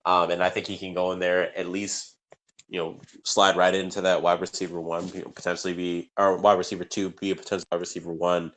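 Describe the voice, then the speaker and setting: Man, very deep voice, casual fantasy football chat, rambling with lots of ums. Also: flat delivery, a little fast, fairly bright tone. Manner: rambling, many fillers and restarts. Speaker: podcast co-host.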